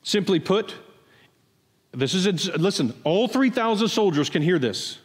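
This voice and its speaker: A man's voice: sits high, expressive, normal speed, big-room sound. A man preaching a sermon, explaining a passage in a conversational way and asking his listeners pointed questions. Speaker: pastor. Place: church sanctuary.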